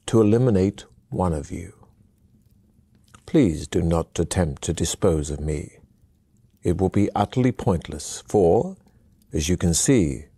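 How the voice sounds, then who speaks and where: Man voicing a deep-voiced sneering dwarf. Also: dark tone, dry recording. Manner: formal, measured. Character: deep-voiced male dwarf trial master, cold and sneering.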